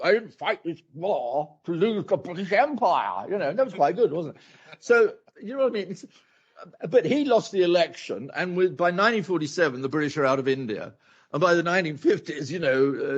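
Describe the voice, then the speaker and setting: A male academic answering a question at a university talk, rambling with many asides and repeated phrases, on a dull lo-fi recording. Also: a little high. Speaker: academic speaker.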